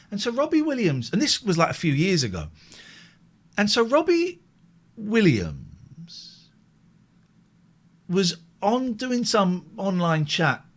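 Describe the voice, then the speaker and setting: Late night host guy rambling, lively swingy voice, fixes himself mid sentence. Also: high voice. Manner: rambling, animated, self-correcting. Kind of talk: casual live-stream chat.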